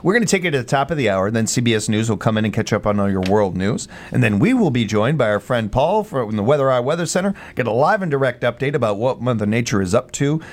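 A man's voice: medium pitch, big pitch swings, fast, few pauses. A man hosting a morning radio show, chatty and jokey in casual banter.

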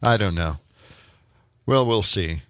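A man's voice: on the low side, slow pace, fairly bright tone, no echo, clean studio sound. A man in his fifties hosting a casual morning radio show, rambling with fillers and chuckles. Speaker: radio talk show host. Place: radio studio. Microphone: studio microphone.

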